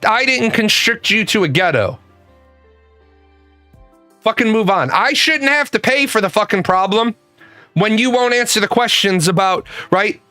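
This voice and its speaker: A man's voice: high voice, bright, forceful tone, dry recording. A man giving heated, profane reaction commentary, ranting emphatically.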